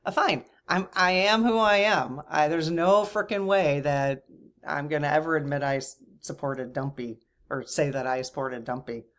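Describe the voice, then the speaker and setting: A woman with a low-pitched voice chats casually to camera on her own channel at a normal speed. She rambles, restarts often, and laughs frequently.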